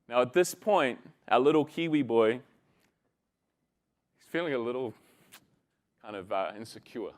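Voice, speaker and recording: A man's voice: mid-range voice, expressive, unhurried, long pauses. A man giving a casual conference talk, chatting with the audience and telling a story. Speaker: conference presenter.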